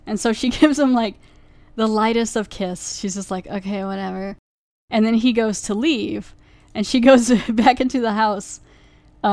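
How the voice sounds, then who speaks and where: A woman's voice: medium pitch, darkish tone, dry recording. A woman hosting a podcast, casually reviewing an episode and retelling its plot in a rambling way, full of "like" fillers. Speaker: podcast host.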